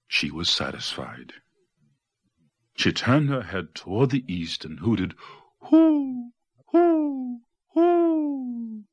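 Slow, very expressive male storyteller. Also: sits low, slightly rough. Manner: expressive, sound-effect-rich storytelling. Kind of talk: children's picture book read-aloud.

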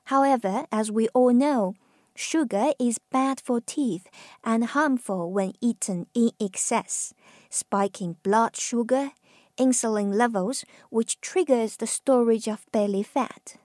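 A woman from China with a Chinese accent, teaching Mandarin tones with patient, drawn-out model words. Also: a little high, darkish tone, dry recording, studio quality. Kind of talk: slow pronunciation lesson.

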